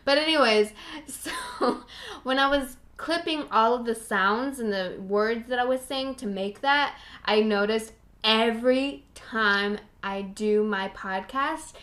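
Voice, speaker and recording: A woman's voice: fairly high pitch, measured pace, a bit bright. A young woman hosting her own podcast, chatting casually in a bubbly, rambling way and laughing at herself. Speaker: podcast host. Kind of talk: casual solo podcast chat.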